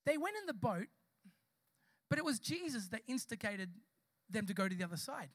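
A man delivers an impassioned sermon, calling out to the congregation as he preaches. His voice sits high and bright. The sound is dry and close, with little room echo. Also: big pitch swings, a little fast. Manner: impassioned, addresses the congregation directly. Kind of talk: live church sermon with storytelling. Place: church service before a congregation.

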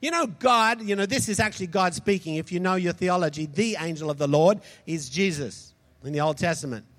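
High-voiced preacher in a reverberant hall. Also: male voice, brisk, a bit bright. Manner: emphatic, calls out for audience responses. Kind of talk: sermon.

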